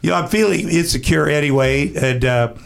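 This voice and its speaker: Gravelly guy on a podcast, kinda high voice, animated rambling story with lots of cussing. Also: a little fast. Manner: animated, profane anecdote-telling; acts out other people's lines. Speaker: guest. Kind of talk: casual storytelling.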